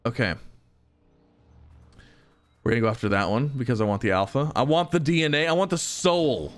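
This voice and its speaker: A young man giving excitable let's-play commentary, chuckling and talking to the enemies he fights. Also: medium pitch, brisk, smooth, faint music behind. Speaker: gaming YouTuber.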